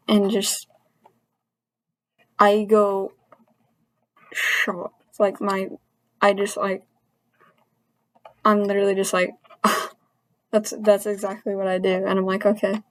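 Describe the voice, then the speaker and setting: A woman's voice: mid-range voice, flat delivery, dry recording, rough recording. A woman in a mid-range voice rants to camera about something that upsets her. She sounds frustrated and earnest, often stopping and restarting her sentences. The recording is dry and close, with no room sound. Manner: frustrated, venting, halting restarts. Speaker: vlogger. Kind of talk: personal rant to camera.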